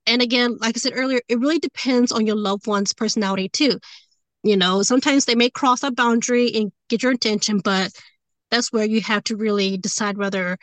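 A woman's voice: a little high, fairly even intonation, brisk, no echo, low-quality recording. A woman who works as a medium, talking casually in an interview, rambling with fillers and restarts and growing emotional as she speaks. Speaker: medium and tarot reader.

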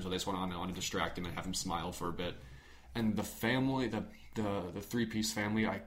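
A man's voice: low voice, a bit bright, a little hiss or hum. A young man co-hosting a podcast, chatting casually and rambling with frequent restarts. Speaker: podcast co-host. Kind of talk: casual chat.

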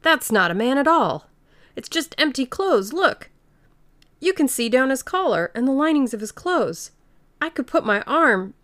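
A woman voicing an excitable, incredulous village man in an audiobook reading. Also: mid-range voice, takes it slowly, hardly any pauses, clear, resonant tone, no echo, pitched above the performer's own voice. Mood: astonished. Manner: excitable, loud.

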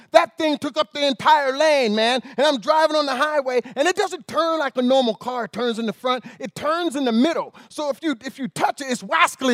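A man preaching a sermon as an animated, rambling storyteller. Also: extremely high pitch, no room sound, clean studio sound.

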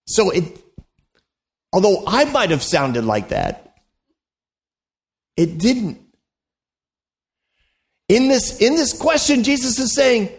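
A man's voice: high voice, very animated, slow, long pauses. A man preaching a sermon as a pastor, in a conversational, joking way, acting out the voices he quotes.

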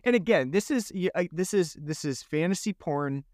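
A man's voice: fairly high pitch, expressive, normal speed, a little mellow, no echo, studio quality. A man co-hosting a podcast, chatting casually and sarcastically about a holiday movie, often restarting his phrases. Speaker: podcast co-host. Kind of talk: casual movie review chat.

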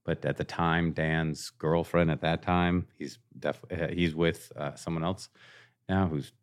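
A man as a podcast guest in casual conversation, telling jokey, animated stories and acting out quoted lines. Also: a bass voice, a little slow. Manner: animated storytelling, acts out quoted lines, joking.

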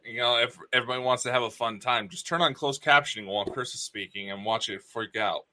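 A man co-hosting a casual podcast, teasing his partner with deadpan jabs. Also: medium pitch, fast talker. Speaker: co-host.

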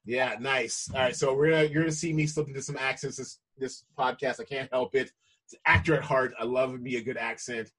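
Hyped, husky-voiced podcast host. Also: male voice, medium pitch, steady tone, fairly quick, fairly bright tone. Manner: hyped, playful, laughs often. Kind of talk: casual chat.

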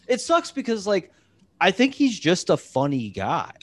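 A man's voice: high-pitched, wildly swooping pitch, a little slow, a bit bright, no room sound. A man hosting a podcast in casual chat, rambling and profane, with lots of fillers. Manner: rambling, full of "like" and restarts, profane. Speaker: podcast host.

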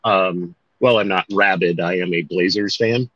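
A man with a low voice co-hosts a podcast in loose casual chat, wandering through his thoughts and correcting himself as he goes. The sound is dry and a little dull, with no room around it. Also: fairly even intonation, normal speed, a bit bright, dry recording. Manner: rambling, self-correcting, with mild swearing. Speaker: podcast co-host.

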